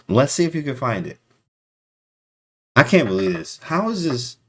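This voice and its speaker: A man commentating chess live to his stream chat, excitable and disbelieving, talking in casual slang. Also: medium pitch, moderate pace, long pauses, breathy edge.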